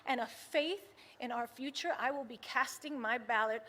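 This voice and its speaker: A woman from the United States giving an impassioned political rally speech, moving from hushed, earnest talk to rousing shouts. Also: a little high, moderate pace, background noise. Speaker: rally speaker. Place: large rally venue with a cheering crowd.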